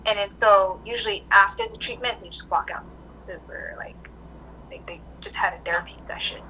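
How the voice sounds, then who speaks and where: A woman acupuncturist chatting casually in an interview, telling animated stories full of "like" fillers. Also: mid-range voice, normal speed, whispered, rough recording. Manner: animated storytelling, many "like" fillers. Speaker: acupuncturist guest.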